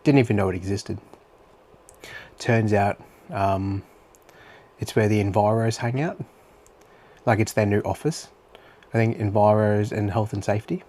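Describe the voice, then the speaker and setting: A young Australian man vlogs about his day in a rambling, chatty, diary-like monologue packed with fillers and the odd swear word. His voice is lowish, a little mellow and a little slow, with long pauses.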